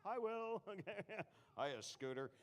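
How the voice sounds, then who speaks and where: Punning comedy magician, high-voiced man. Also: animated, unhurried. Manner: punning, self-mocking, jokey. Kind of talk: live stage magic patter. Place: live theater stage.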